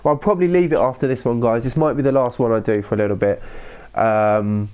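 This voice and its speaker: A man, chatting casually as a live streamer, reacting excitedly and reading viewer comments aloud. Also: mid-range voice, quick pace, clear, resonant tone, dull audio. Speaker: gaming streamer.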